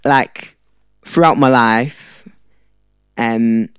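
A man's voice: medium pitch, steady tone, very slow, fairly bright tone, clear, resonant tone, dry recording, clean studio sound. A young man from South Africa, a podcast guest telling a rambling story in casual chat. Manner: rambling, with fillers and laughs.

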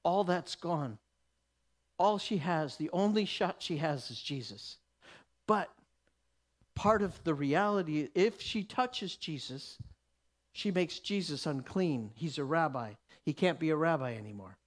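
A man's voice: fairly high pitch, expressive, unhurried. Brief: male Bible teacher, emphatic sermon delivery, frequent restarts.

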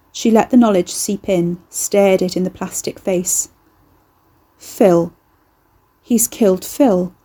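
Woman, audiobook narrator, measured, mellow voice, middle pitch. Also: creaky, husky. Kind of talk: scripted narration.

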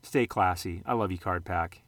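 A man's voice: low voice, normal speed, fairly bright tone, dry recording. A man hosting a casual vlog, rambling and conversational, throwing out rhetorical questions and the odd mild curse. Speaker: sports card channel host.

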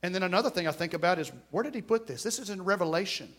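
Male pastor, high tenor voice, church sermon, fervent, chats with the congregation between loud exclamations. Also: rapid-fire, hardly any pauses. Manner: fervent preaching that swings from quiet asides to loud exclamations; conversational, jokes with the congregation.

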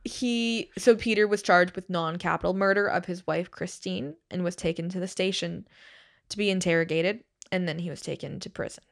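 A woman's voice: fairly low pitch, normal speed, gravelly. Casual woman co-hosting a true crime chat. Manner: storytelling, swearing, laughing often. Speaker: podcast co-host.

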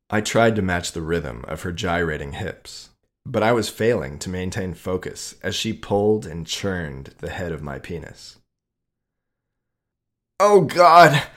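Slow, low-voiced male storyteller. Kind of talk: reading an adult story aloud.

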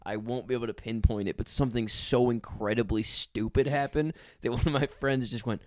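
A man with a smooth, resonant voice and a mid-range pitch, chatting casually as a podcast co-host. He tells wry, profane stories about a bad movie. The sound is close and dry. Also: steady tone, brisk, darkish tone, no echo. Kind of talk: casual movie review chat.

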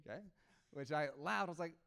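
A young man with a fairly high, smooth and resonant voice gives a sermon. He tells his story casually and with animation, acting out the dialogue and laughing along the way. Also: bright, forceful tone. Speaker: pastor.

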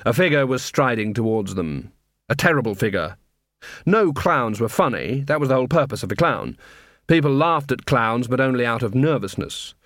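A man reading an audiobook with dry, measured storytelling. His pitch sits in a middling range, and the sound is close and dry, with no room around it. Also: expressive, fairly bright tone, dry recording. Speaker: audiobook narrator. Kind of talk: scripted narration.

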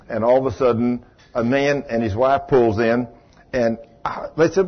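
A man, preaching a folksy, animated storytelling sermon and acting out the people in it. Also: medium pitch, moderate pace. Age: 60s. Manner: folksy, animated, acts out the people in his stories. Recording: dull lo-fi sermon recording.

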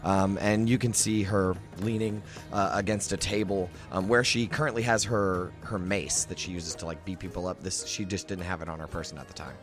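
A man's voice: sits low, fairly even intonation, fairly quick, few pauses, faint music behind. A man narrating a tabletop game as game master in a casual manner, full of fillers.

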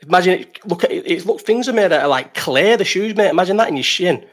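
A man's voice: high voice, expressive, fast talker, fairly bright tone. Bloke rambling on a live chat, swears a lot, laughs at his own stuff. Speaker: live stream host reading chat.

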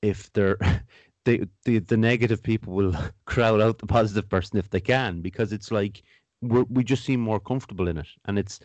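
A man in casual podcast chat, speaking in a reflective, measured way and repeating words as he thinks things through. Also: lowish voice, darkish tone, no echo, dull audio.

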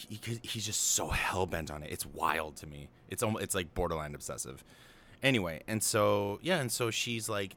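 A man's voice: low voice, a bit bright, slight background noise. A young man casually recapping and analyzing a film, rambling with lots of fillers and offhand paraphrases of the characters. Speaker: film commentator.

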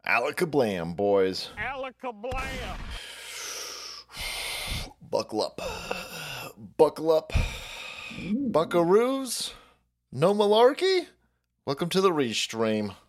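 A man hosting a rambling political stream, loud, mocking and foul-mouthed, laughing often between lines. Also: on the high side, wildly swooping pitch, takes it slowly, long pauses. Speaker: streamer host.

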